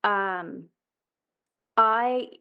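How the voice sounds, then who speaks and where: A woman's voice: medium pitch, extremely slow, clear, resonant tone, lo-fi sound. A woman in her thirties, a podcast guest, candidly telling a personal story in an earnest, emotional way, often restarting her sentences. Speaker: interview guest.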